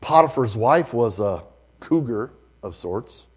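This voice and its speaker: A male preacher, telling a story in a sermon, swinging from hushed to loud. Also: mid-range voice, animated, slow pace, husky.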